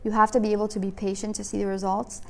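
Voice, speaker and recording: A young adult woman teaches a women's class in a fast, level, creaky mid-range voice. She's chatty and casual, leaning hard on fillers like "like" and "you know," and she often acts out little dialogues.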